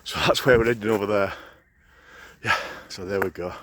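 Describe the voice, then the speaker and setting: A man's voice: fairly low pitch, steady tone, a little fast, fairly bright tone. A man with a Yorkshire accent, out of breath, chatting to his phone camera while riding a bike up muddy hills outdoors, groaning and swearing and joking. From Yorkshire, England. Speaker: vlogger. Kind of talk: casual commentary while riding. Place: outdoors on muddy hill tracks. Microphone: phone held in hand.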